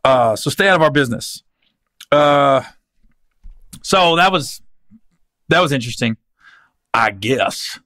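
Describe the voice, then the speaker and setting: A man's voice: medium pitch, unhurried, long pauses, no echo. A man hosting a podcast, telling comic stories in a casual, slangy, rambling way. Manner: animated, slangy, rambling with restarts. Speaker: podcast host and comedian.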